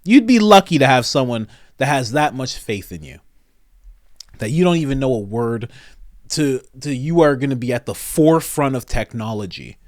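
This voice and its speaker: A man doing comedic reaction commentary, animated and mock-incredulous, often breaking into laughter. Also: medium pitch, moderate pace, no room sound, studio quality. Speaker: commentary host.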